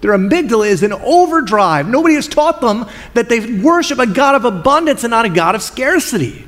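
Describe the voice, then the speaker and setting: A male pastor preaching a sermon, telling Bible stories in an expressive, colloquial way. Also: extremely high pitch, a little fast. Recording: long hall reverb.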